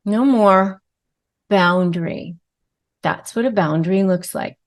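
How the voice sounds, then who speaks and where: A woman hosts a direct-to-camera advice video as a lawyer, speaking at an unhurried pace in a middle pitch. She is animated, acting out little examples and filling pauses with casual filler words. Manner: animated, acts out quoted lines with many fillers. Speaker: lawyer and self-help host.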